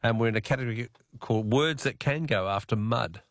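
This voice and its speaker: An Australian man hosts a talkback radio quiz, chatty and laughing easily between callers. He speaks at a middling pitch on a dry, close studio mic. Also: fairly quick, no room sound.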